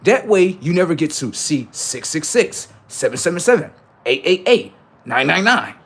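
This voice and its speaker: A man's voice: on the high side, sing-song, moderate pace, a bit bright. A man on a live stream, chatting casually and swearing, then lecturing his viewers insistently about number codes.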